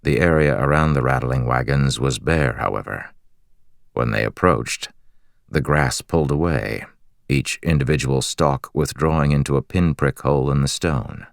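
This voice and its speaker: Very deep, gravelly male narrator. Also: dry recording, studio quality. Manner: measured, steady storytelling. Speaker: audiobook narrator. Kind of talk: scripted fantasy narration.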